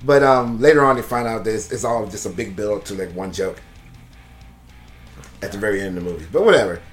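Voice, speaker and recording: A man's voice: on the low side, fast, soft background music. A man casually recapping a movie on a podcast, rambling, laughing often and swearing freely. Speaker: podcast co-host reviewing a movie. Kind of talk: casual chat.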